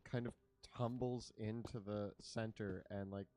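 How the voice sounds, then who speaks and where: A man's voice: lowish voice, steady tone, unhurried, mellow, a little hiss or hum. Man playing a tabletop game, self-mocking. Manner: describes actions with playful self-mockery. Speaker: player. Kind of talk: casual tabletop play.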